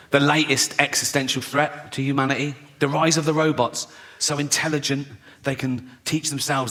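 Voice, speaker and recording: A man's voice: fairly high pitch, a bit bright. A man doing stand-up comedy, mocking and sweary. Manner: mocking, swearing, acts out voices. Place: large theatre stage.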